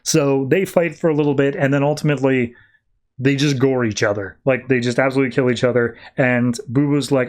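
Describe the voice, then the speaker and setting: Man, podcast host, casual comic recap, mid-pitched, animated quoting. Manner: animated retelling with quick put-on character voices.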